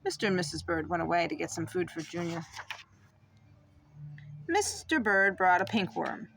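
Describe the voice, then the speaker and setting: Expressive mother reading a picture book. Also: on the low side, moderate pace, creaky, slight background noise. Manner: expressive and sing-song. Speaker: mother reading to her child. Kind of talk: picture book read-aloud.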